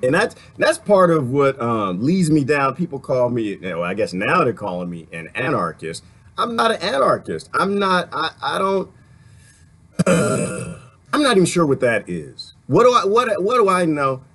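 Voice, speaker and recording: A man talking in a casual, rambling monologue about politics, laughing often and getting worked up into animated rants. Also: fairly high pitch, unhurried, breathy edge. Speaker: political commentator.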